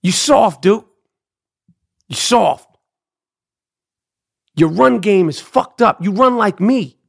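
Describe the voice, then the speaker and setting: Brash, gravelly New man ranting. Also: high voice, lively intonation, slow pace. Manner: loud, brash, trash-talking, repeats "Duke". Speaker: podcast host. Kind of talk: profane ranting monologue.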